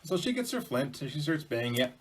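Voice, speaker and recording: A man's voice: a little high, very animated, fairly quick, slightly rough. A man telling a folk tale to a school audience in a casual, chatty way with asides to the listener. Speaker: storyteller presenting to schools. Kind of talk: casual oral storytelling.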